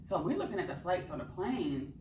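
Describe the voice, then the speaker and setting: A young adult woman vlogger telling a travel story in casual chat, animated and swearing freely, recorded in a hotel room. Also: on the low side, brisk, noisy background. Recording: echoey room, camera at a distance.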